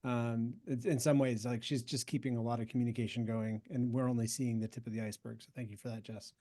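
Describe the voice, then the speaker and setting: A man on a video call reviewing past work for his committee in a halting, self-correcting way, thanking colleagues as he goes. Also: medium pitch, little pitch movement, mellow. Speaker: committee co-chair. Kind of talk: casual meeting update.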